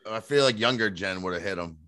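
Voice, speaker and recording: A man hosting a casual podcast, calmly prompting his guest and reacting with short remarks. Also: fairly low pitch, fast, clear, resonant tone, no echo, clean studio sound. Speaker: podcast host.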